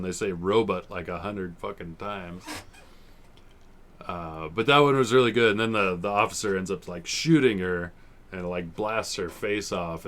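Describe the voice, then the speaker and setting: This forties-aged podcast host sits low in pitch, with a bit of brightness to his tone. He chats loosely about old TV episodes, cursing and laughing frequently as he rambles.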